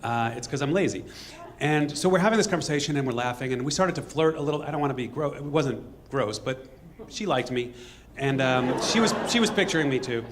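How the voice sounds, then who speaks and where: A man telling a true story on stage to a live audience in a fast, conversational way, acting out bits of dialogue. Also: mid-range voice, slight background noise.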